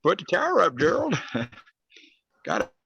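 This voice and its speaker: A man chatting casually on a video call, rambling and laughing, cursing and breaking into loud outbursts. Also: high voice, huge pitch swings, measured pace, creaky, breathy edge, no echo, muffled recording. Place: house and backyard. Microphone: phone or laptop on a video call.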